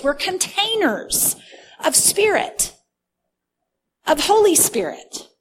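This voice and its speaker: A woman preaching a sermon, teaching earnestly and slowing down to stress key words. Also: high voice.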